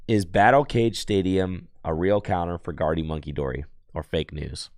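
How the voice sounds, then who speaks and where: Male streamer, hoarse and gravelly, low voice, lively casual play-by-play, dry close sound. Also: normal speed, no echo. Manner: chatty, thinks aloud while playing. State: hoarse, losing his voice. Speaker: card game streamer. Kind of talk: casual live-stream commentary.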